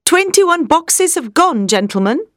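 Woman voicing grave elderly professor, commanding, lively pitch, dry sound. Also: unhurried, no echo, exaggerated voice. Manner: firm, commanding. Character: stern elderly male vampire-hunting professor.

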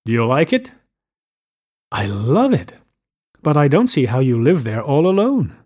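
Soft-spoken, admiring young woman voiced by a male reader, wistful, audiobook scene. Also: mid-range voice, huge pitch swings, unhurried, slightly rough, heavily acted.

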